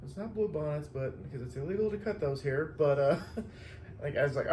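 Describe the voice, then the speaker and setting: A man's voice: on the high side, brisk, mellow, reverberant, slight background noise. Chatty man telling a delivery story. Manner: chatty, laughs often, acts out quoted voices. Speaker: vlogger and flower delivery driver. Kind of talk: casual storytelling chat.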